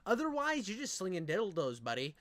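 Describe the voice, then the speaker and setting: A man's voice: sits high, wildly swooping pitch, fairly quick, fairly bright tone, no echo. Mocking young man with a dry voice. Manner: mocking, profane, bro-speak. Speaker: reaction commentator. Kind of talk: crude reaction commentary.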